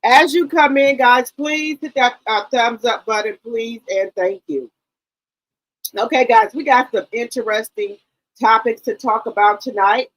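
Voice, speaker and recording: A woman's voice: fairly high pitch, unhurried, no echo, low-quality recording. A woman hosting a casual live stream, greeting viewers one by one and rambling loosely with many ums.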